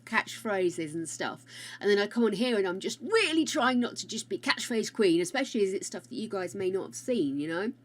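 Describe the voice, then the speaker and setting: A woman chatting casually with her live-stream viewers on a close mic, loud and rambling, greeting people by name. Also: medium pitch, expressive, fairly quick.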